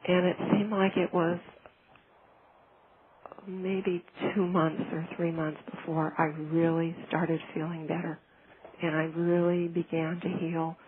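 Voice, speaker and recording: In a casual, heartfelt testimonial, a client recounts her personal healing, frequently pausing, restarting, and filling gaps with fillers. Her fairly low voice keeps a level tone, and the sound is phone-like and lo-fi with slight noise.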